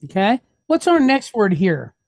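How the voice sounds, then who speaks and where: A woman's voice: medium pitch, big pitch swings, a little mellow, no echo. A woman teaching a reading lesson, patiently sounding out each syllable and checking in with the class. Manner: sounds out syllables slowly, step by step.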